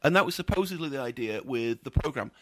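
A man's voice: medium pitch, expressive, fast talker, fairly bright tone, no room sound. A man working as a film critic, giving a scathing, opinionated review in casual chat.

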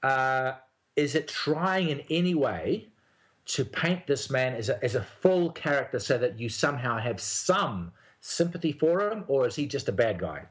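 A man hosting a radio show, introducing a film critic and questioning him in lively casual chat. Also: mid-range voice, moderate pace.

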